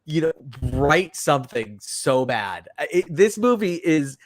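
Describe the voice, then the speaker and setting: Casual podcast film reviewer, male, talks in loose animated rambles, a bit higher voice, dead-dry close sound. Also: a little slow, dry recording. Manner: rambling, animated, lots of fillers and restarts. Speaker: podcast co-host.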